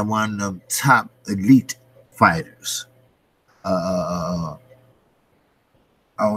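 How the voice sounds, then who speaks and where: Slow-talking, blunt, profane man. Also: on the low side, a bit bright. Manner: blunt, profane, repeats rhetorical questions. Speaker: boxing commentary channel host. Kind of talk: casual ranting commentary.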